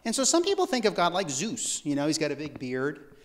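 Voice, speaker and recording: A man delivering a sermon at a church service in an easygoing, chatty way. He jokes with the congregation and often restarts his sentences. His voice sits a little high for a man. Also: huge pitch swings, brisk. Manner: casual, joking asides, frequent restarts. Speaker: pastor. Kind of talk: conversational sermon.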